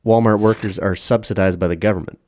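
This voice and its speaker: Man, podcast co-host, profane rant, low voice, dry close recording. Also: fairly even intonation, fast, a little mellow, no room sound. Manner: profane, ranting, laughs often. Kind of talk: casual podcast chat.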